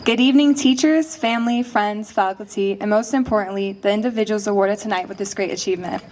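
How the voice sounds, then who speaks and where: A teenage young woman speaks a personal graduation speech with heartfelt earnestness. Her voice has a middling pitch and an even, sincere delivery. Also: fast, a little hiss or hum. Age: late teens. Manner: heartfelt, earnest, a little emotional.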